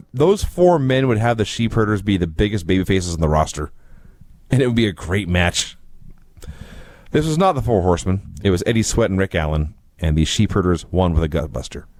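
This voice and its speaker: A man recapping old wrestling shows in casual podcast chat, telling it with a dry, wry edge. His pitch moves around a lot as he tells a story. The sound is close and dry, with no room echo. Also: a little mellow.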